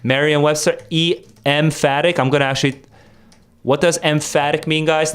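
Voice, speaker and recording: A man's voice: fairly high pitch, level tone, normal speed, fairly bright tone, smooth. A young man streaming casually, rambling with many fillers and restarts while he quizzes his viewers on vocabulary. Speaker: streamer and test tutor. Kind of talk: casual livestream chat and vocabulary quiz.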